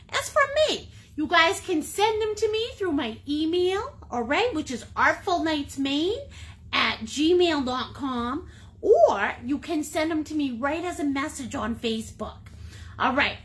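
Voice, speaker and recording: A woman's voice: high voice, a bit bright. A woman with a Maine accent, teaching a live painting lesson in a chatty, jokey, upbeat way. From United States. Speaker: painting instructor.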